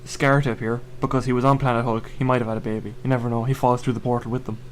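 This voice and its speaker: A man's voice: mid-range voice, level tone, very fast, a little hiss or hum. A man rambling through a casual chat, often restarting his sentences. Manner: rambling, restarts, acts out characters' lines. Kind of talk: casual chat about superheroes.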